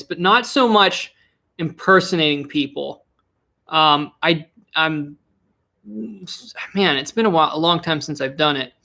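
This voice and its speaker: A young man chats casually on a live stream, rambling, restarting sentences, interrupting himself and laughing often. His voice sits high, bright and forceful.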